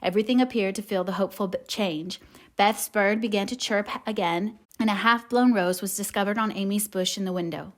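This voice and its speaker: A woman reads a classic novel aloud as an audiobook narrator. Her pace is measured and her delivery gentle. Her voice sits at an ordinary middle pitch for a woman.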